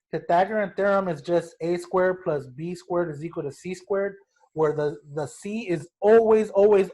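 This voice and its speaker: A man's voice: sits high, a little mellow. Upbeat joking male math teacher. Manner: casual and joking, talks to students as guys. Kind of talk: recorded math lesson.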